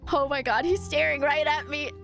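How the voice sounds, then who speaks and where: A woman streaming a game live, reacting excitably and breaking into shrieks and laughter. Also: high voice, moderate pace, creaky. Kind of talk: live gameplay stream commentary. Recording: game music playing behind. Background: game soundtrack.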